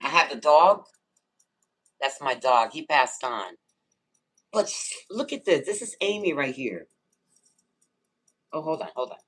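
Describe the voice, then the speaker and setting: A woman's voice: sits low, expressive, measured pace, pauses often, husky. A woman hosting a casual livestream, greeting viewers by name and answering the chat on her phone. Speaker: livestream host.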